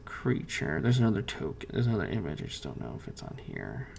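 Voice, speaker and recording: A man's voice: deep voice, huge pitch swings, fast, gravelly, darkish tone, slight background noise. A man running a tabletop game as game master, hesitant with many fillers and restarts.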